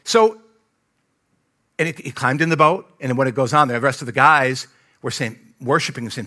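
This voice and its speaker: A middle-aged man preaching a sermon as pastor, animated, swinging between loud and hushed as he acts out quotes. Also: medium pitch, moderate pace, long pauses.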